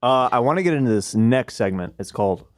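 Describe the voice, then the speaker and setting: A man's voice: medium pitch, expressive, fast talker, dry recording. A man hosting a podcast in casual chat, easygoing as he introduces segments. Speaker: podcast host.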